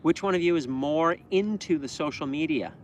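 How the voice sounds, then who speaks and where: A man's voice: a little high, normal speed, a little hiss or hum. A Canadian man co-hosting a casual livestream chat, easygoing and rambling, reading out viewer questions. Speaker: livestream co-host.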